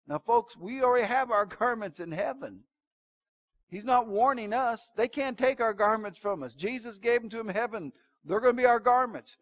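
A man with a notably high-pitched voice preaches an evening sermon in church. He drives his points home loudly, then drops to quiet, hushed asides for effect. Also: moderate pace. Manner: dramatic preaching, swinging between loud emphasis and low hushed asides. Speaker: pastor.

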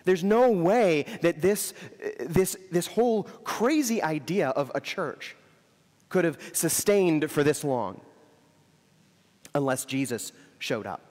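A man's voice: on the high side, expressive, takes it slowly, darkish tone, in a large hall. A man preaching an Easter sermon in a church, conversational in tone and repeating words for emphasis. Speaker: Episcopal priest preaching.

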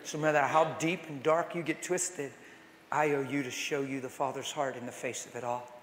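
A middle-aged man preaching at a conference, telling a story in a conversational way that swings from hushed to loud. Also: medium pitch, steady tone, normal speed. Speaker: conference speaker. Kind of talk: storytelling sermon. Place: large conference hall. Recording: echoey hall with long reverb.

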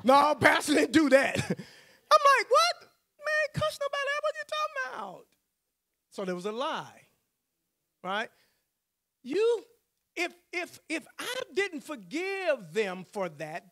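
A man's voice: very high-pitched, a bit bright. A male pastor, telling a personal story in a sermon, acting out the voices he quotes and laughing often.

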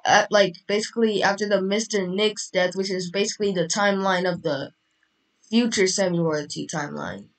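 A woman's voice: medium pitch, lively intonation, normal speed, far from the mic. A woman chatting casually during a game roleplay, rambling with lots of filler words. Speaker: roleplay player.

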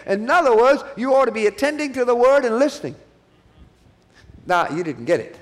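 A man's voice: very high-pitched, animated, brisk, pauses often. A man preaching a sermon at a church conference, repeating key phrases and calling for the audience to answer back.

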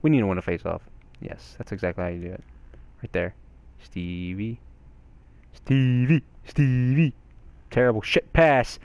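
A young man giving excitable gameplay commentary, swearing and yelling at the game. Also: mid-range voice, smooth, no echo. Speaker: gaming channel host.

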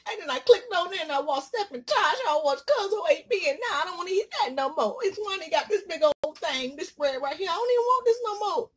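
A woman vlogger talking casually while she eats, joking and swinging from loud exclamations to low murmurs. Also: lively intonation, brisk, hardly any pauses. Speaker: mukbang vlogger. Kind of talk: casual chat while eating.

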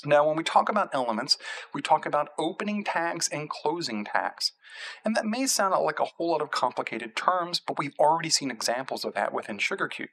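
A man's voice: a little high, animated, a little fast, a bit bright, low-quality recording. A middle-aged man teaching a screencast tutorial, walking through code in a methodical way and repeating terms as he points to them. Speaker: instructor.

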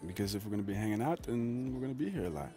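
An actor playing a laid-back young male basketball player in a video game cutscene, relaxed and a bit awkward. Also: fairly low pitch, racing, close to an everyday voice. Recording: music playing behind.

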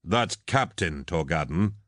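A man's voice: low voice, lively intonation, slow, fairly bright tone, dry recording, studio quality, heavily acted. A man voicing a brash, mocking warrior captain who barks orders and taunts a rival. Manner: cocky, sarcastic, commanding.

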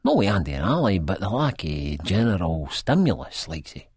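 Deep husky Scottish man, first-person audiobook reader, dry close sound. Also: very animated, normal speed, darkish tone, no room sound. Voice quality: broad dialect delivery, sweary and blunt. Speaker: audiobook narrator.

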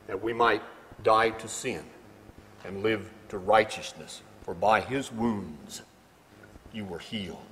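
A man preaching a sermon, his delivery swinging between quiet stretches and loud, emphatic climaxes. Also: on the low side, unhurried, slight background noise. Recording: long hall reverb.

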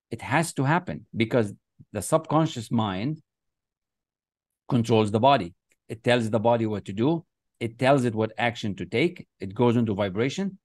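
A man leads a motivational masterclass with a middle-pitched voice, pressing his points with emphasis. He chants short affirmations over and over, and the sound is dry and close. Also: no room sound. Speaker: success coach. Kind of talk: motivational teaching. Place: online class, writing on screen with a mouse.

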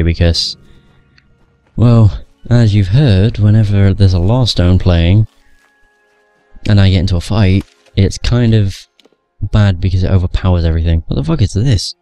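A man's voice: low-pitched, dark tone, no echo. A man casually commentating his gameplay, rambling and swearing, stumbling over words, with hiccups. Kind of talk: casual let's play commentary.

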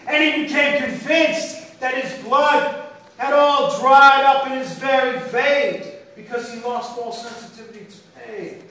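A man reading his poetry aloud at a live event, in a measured, solemn, unhurried way. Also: extremely high pitch, steady tone, bright, forceful tone. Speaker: poet reading his work. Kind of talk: spoken-word poetry reading. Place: indoor live venue. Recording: echoey room, distant mic, faint hiss.

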